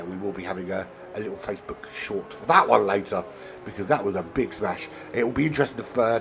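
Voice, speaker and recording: A man with a cold and a nasal voice, commentating an online sim racing league, rambling into asides and getting excited during close battles. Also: fairly low pitch, vocal fry. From not American. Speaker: race commentator. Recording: game music and engine noise behind. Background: racing game audio and music.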